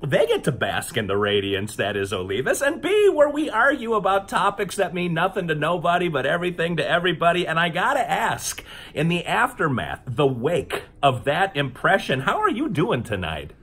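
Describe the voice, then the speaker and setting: Husky, animated male comedy co-host. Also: a little high, moderate pace. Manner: animated, laughing, tipsy. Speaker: podcast co-host. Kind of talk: casual comedic banter.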